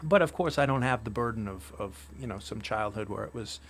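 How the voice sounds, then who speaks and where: A man's voice: fairly low pitch, fairly quick, a little hiss or hum. A man hosting a casual interview who rambles a little and asks his guest questions. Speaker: podcast host.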